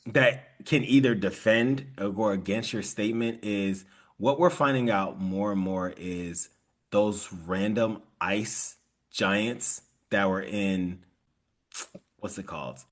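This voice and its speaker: A man co-hosting a casual podcast chat, talking in a rambling, animated way with frequent restarts and laughter, sounding tired. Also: on the low side, takes it slowly. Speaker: podcast co-host.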